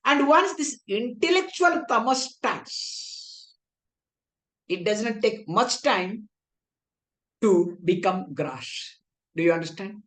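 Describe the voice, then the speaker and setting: A woman's voice: medium pitch, expressive, takes it slowly, pauses often, a bit bright. A woman with an Indian English accent teaching a spiritual philosophy class in a conversational tone, often asking her listeners whether they understand. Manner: conversational, rhetorical checks for understanding. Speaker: Vedanta teacher.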